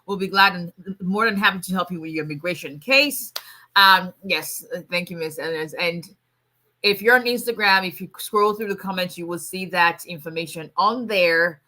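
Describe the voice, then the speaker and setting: Bright-voiced woman attorney chatting live. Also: fairly low pitch, normal speed. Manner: chatty, laughs often, frequent restarts. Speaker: immigration attorney hosting a livestream. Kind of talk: casual livestream chat.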